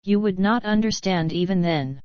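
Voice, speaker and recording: A woman's voice: medium pitch, normal speed, clear, resonant tone, no room sound, lo-fi sound, close to an everyday voice. A woman doing a witty, firm Englishwoman. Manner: light, firm, amused.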